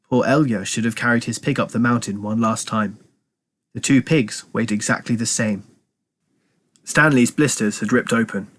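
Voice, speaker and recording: A man, a teacher, reading a novel aloud to children in steady, clear storytelling narration. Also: mid-range voice. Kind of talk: audiobook read-aloud narration.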